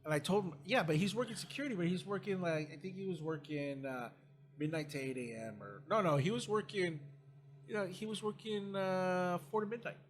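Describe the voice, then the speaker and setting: A man co-hosting a podcast about security work, chatting casually and telling lively stories, swearing freely. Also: sits high, fairly quick. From United States. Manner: excitable storyteller, swears freely. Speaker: podcast co-host, security supervisor. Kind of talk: casual chat.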